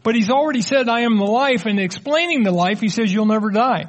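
A middle-aged man with a fairly high voice leads a teaching sermon. He explains in a loose, conversational manner, slipping in light jokes while taking questions from the audience. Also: brisk. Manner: conversational, explanatory, joking asides. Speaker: preacher.

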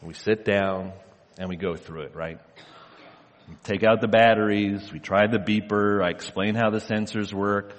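A man in his thirties preaching a sermon in a church sanctuary, telling a relaxed story and often repeating himself. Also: on the low side, moderate pace, long reverb tail. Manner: conversational storytelling, repeats words. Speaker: pastor.

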